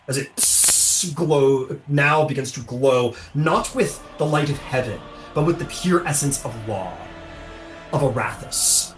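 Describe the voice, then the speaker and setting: A man's voice: medium pitch, slow, recorded from a distance. A man narrating a tabletop game as game master, rambling with many fillers. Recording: echoey room, music behind.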